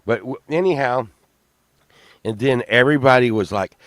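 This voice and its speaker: A middle-aged Texan man hosting a rambling casual chat, tired from a late night, swinging between mumbles and loud outbursts. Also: mid-range voice, normal speed, pauses often, no echo, studio quality. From Texas. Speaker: show host.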